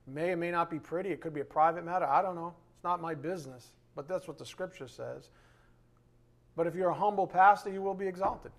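A man teaching a bible lesson, emphatic, slowing down to read scripture aloud and dropping to quiet asides. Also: a little high.

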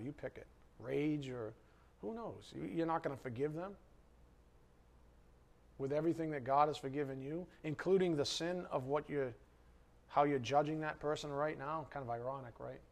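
With a fairly high pitch and noticeable vocal fry, a male pastor addresses his congregation in a church hall. He keeps firing questions and rises sharply as his emotions build.

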